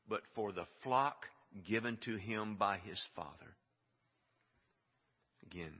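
A man preaching a sermon, emphatic and building to stressed repeated phrases. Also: fairly low pitch. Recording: dull sound with long hall reverb.

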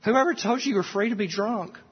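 Earnest preacher, husky voice. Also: male voice, sits high. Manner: earnest preaching, slowing on key phrases. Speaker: pastor. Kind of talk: sermon. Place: church sanctuary. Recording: echoey church hall, slightly muffled.

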